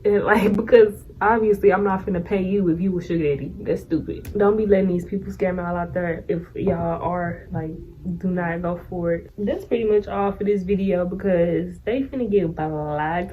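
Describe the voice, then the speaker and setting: A woman's voice: mid-range voice, narrow, tinny audio, a little hiss or hum. Sassy young woman vlogger. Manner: blunt, sassy, laughs a lot. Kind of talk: casual storytelling vlog.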